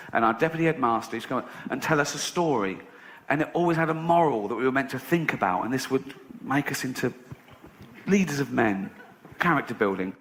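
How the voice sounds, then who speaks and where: A man's voice: mid-range voice, fairly bright tone. A man doing stand-up, telling a long story with sardonic asides and plenty of swearing. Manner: sardonic, swears freely, mock-innocent storytelling. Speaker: stand-up comedian.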